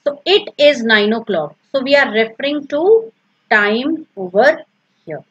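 A woman's voice: on the high side, lively intonation, a little slow, breathy edge, dull audio. A woman teaching a recorded grammar lesson, patiently repeating each example and explaining step by step.

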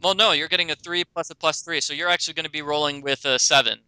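A man's voice: on the high side, steady tone, quick pace, sharp tone, clean tone, no echo, rough recording. A man narrating as game master in a tabletop game, rambling with many ums and self-corrections.

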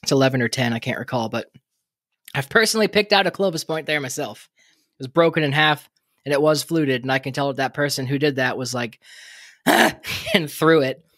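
A man's voice: mid-range voice, a little fast, a bit bright, dry recording, studio quality. A man co-hosting a podcast in casual chat, rambling and joking with lots of fillers and laughs. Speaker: podcast co-host.

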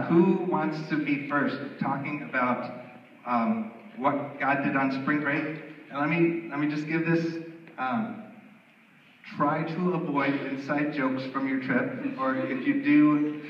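A man's voice: medium pitch, slight background noise. Man giving instructions in a roomy hall. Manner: practical, repeats himself while explaining. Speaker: campus ministry leader. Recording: roomy hall, distant mic, dull sound.

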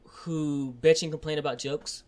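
A man's voice: fairly even intonation, moderate pace. Young man ranting on a podcast. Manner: swears constantly, rants and gets loud and high when heated. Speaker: podcast host. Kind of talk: casual podcast chat.

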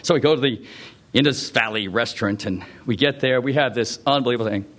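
A middle-aged male preacher telling a story in a sermon, animated and full of acted-out quotes. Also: mid-range voice, fast.

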